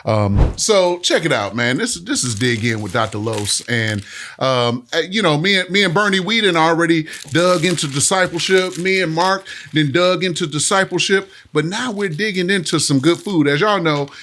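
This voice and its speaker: A man, hosting a podcast and telling candid stories in a relaxed way, often saying "man" and "bro.". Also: fairly high pitch, moderate pace, slight background noise. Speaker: podcast host and pastor. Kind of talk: casual conversation.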